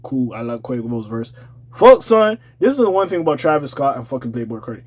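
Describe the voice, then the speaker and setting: A young man giving a casual, profane album review in slangy talk, laughing often. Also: mid-range voice. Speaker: music reviewer.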